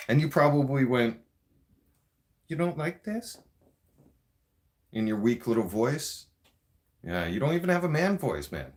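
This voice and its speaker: A man's voice: fairly low pitch, darkish tone. A Canadian man delivering an angry, profane political rant in a vlog. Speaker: vlogger.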